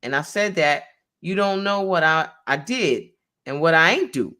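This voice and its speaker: A woman's voice: low-pitched, lively intonation, measured pace, bright, forceful tone. A woman attorney reading a court transcript aloud in a conversation, naming each speaker as she goes.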